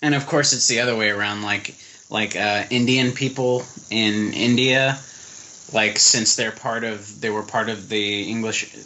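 Laid-back American man, bright voice. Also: on the low side, steady tone, unhurried, slight background noise. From United States. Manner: laid-back, rambling storyteller with many fillers. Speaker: podcast co-host. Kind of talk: casual chat. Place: living in Germany.

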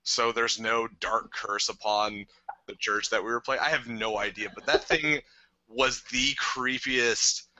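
A young man co-hosting a casual podcast, telling rambling, excitable stories. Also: medium pitch, a little slow, no room sound, rough recording. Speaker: podcast co-host. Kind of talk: casual chat.

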